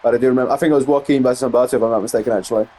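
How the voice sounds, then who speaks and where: A man giving play-by-play commentary over a wrestling video game, getting excited on big moves and rambling into asides full of fillers. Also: medium pitch, very fast. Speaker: gameplay commentator.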